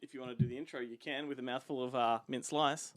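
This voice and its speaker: A man in a loose, easygoing podcast chat, with a voice of middling pitch for a man. He laughs often and stumbles through his points with fillers. The sound is dry and close, with no room around it. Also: steady tone, fast, a bit bright, no echo. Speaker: podcast co-host. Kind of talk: casual chat.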